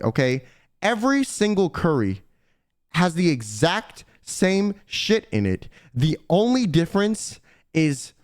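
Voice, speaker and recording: A young man streamer telling a story to his chat in a casual, ranting way, swearing a lot. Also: a little high.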